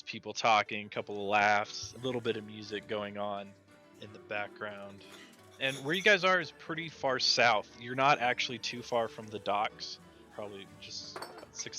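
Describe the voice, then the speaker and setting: A man runs a tabletop game as game master, narrating scenes in a relaxed, rambling way full of fillers. His voice is bright and sits at a middle pitch. Faint music plays in the background.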